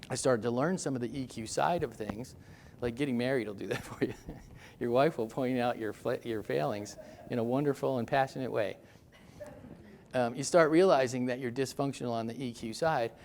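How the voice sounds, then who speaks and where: Gravelly, chatty seminar speaker, a man. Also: mid-range voice, a little mellow, slight background noise. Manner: chatty storyteller, self-deprecating. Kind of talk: motivational seminar talk.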